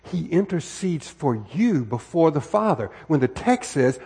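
A U.S. preacher speaks conversationally to his church sanctuary through a body-worn wireless microphone, leaning on rhetorical questions and repeated phrases. His slightly high, warm voice swings widely in pitch, unhurried but with hardly any pauses, and the sound is a bit rough.

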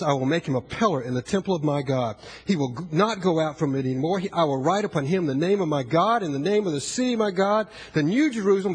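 Husky high-voiced preacher, fervent sermon. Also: male voice. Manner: swings from low quiet storytelling to loud fervent exhortation. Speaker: pastor.

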